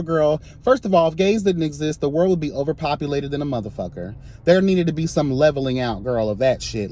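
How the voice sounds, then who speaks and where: A man giving an impassioned, sassy commentary rant, swinging between soft asides and loud emphatic outbursts. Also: high voice.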